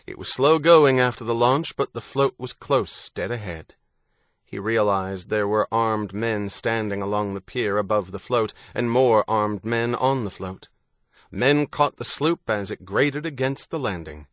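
Man, audiobook narrator, steady measured telling, low pitch, dry close sound. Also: no room sound. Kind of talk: scripted narration.

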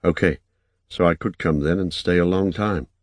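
A man reading an audiobook, voicing a worn-out young man who speaks slowly and haltingly. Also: low-pitched, dry recording, lightly acted. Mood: weary. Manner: slow, halting, thinking aloud.

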